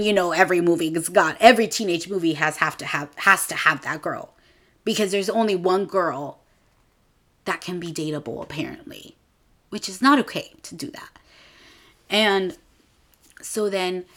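Young woman host, casual and chatty movie recap, slightly low voice, animated storytelling. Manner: chatty, animated retelling with quoted dialogue. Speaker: podcast host.

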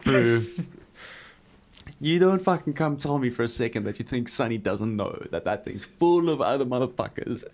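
A man co-hosting a podcast in casual chat, swearing often and agreeing loudly with his friend. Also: mid-range voice, lively intonation, normal speed. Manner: swears often, agrees a lot with "bro, a hundred percent". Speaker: podcast co-host.

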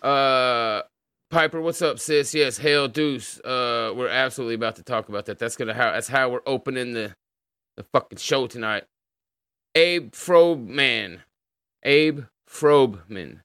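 A man's voice: medium pitch, a little slow, fairly bright tone, clean tone, no echo, clean studio sound. A man with an American accent hosting a livestream in casual chat, laid-back and swearing freely as he greets viewers. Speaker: livestream host.

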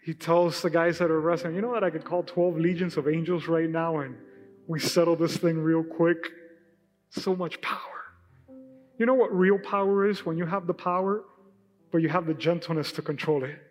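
Here a high-voiced male pastor, Hispanic and Spanish-speaking, preaches at a normal speed. The sermon is loose and lively, with quotes performed in character, and the church hall recording carries reverb and soft music.

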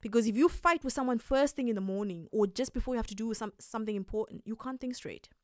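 Calm higher-voiced woman giving life advice. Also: fast, no echo, studio quality. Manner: calm, emphatic, laughs often. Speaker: podcast host.

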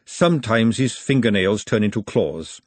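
A man's voice: fairly low pitch, lively intonation, moderate pace, no room sound. A man voicing an earnest, outspoken young woman who works as a cook and talks in a blunt, defensive way.

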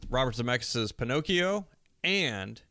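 A man's voice: mid-range voice, animated, unhurried, pushed and bright, dry recording. A man co-hosting a podcast in laid-back, joking chat, often tripping over his words. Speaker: podcast co-host. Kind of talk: casual chat.

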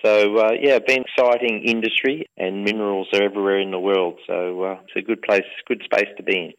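Middle-aged Australian-accented club owner, fairly low-pitched, relaxed and rambling, heard in a radio interview. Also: male voice, fairly quick, lo-fi sound. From England. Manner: relaxed, rambling, many fillers. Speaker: football club owner and mining businessman. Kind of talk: conversational interview.

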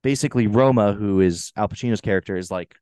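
A young man co-hosting a casual movie review podcast, animated and swearing freely as he acts out lines. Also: on the low side, fast talker, clear, resonant tone, no room sound, clean studio sound. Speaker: podcast co-host. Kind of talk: casual chat.

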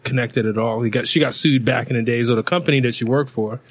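A man's voice: medium pitch, fairly even intonation, fast, slightly rough. A man co-hosting a podcast in casual chat, talkative and stumbling over his words. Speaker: podcast co-host.

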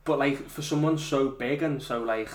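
A man's voice: mid-range voice, moderate pace. Teasing man chatting in an echoey room. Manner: teasing, joking, swearing freely. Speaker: podcast co-host. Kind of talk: casual banter. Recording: roomy echo.

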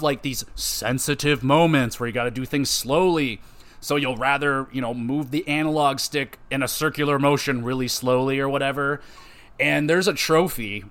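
Profane rambling male podcaster. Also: mid-range voice. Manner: profane, rambling, animated retelling. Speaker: podcast host. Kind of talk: casual game review chat.

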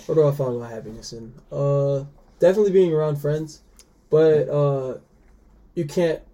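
A man's voice: a little high, mellow. A young man, a podcast guest, talking casually with many fillers and restarts. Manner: halting, many fillers and restarts, laughs often.

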